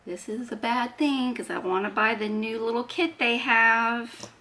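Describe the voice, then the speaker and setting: A woman's voice: a little high, fairly even intonation, a little slow, pushed and bright. A woman chatting casually while she does her makeup, talking through each step and poking fun at herself. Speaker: beauty vlogger. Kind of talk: casual get-ready-with-me chat.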